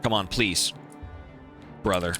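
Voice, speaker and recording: A man's voice: deep voice, slow pace, music in the background. A man streaming a video game, commenting live and pleading and swearing at the characters on screen.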